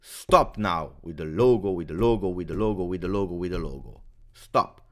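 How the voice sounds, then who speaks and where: A football channel host talks casually before a game in a low voice at normal speed. He's emphatic and angry, repeating phrases for stress.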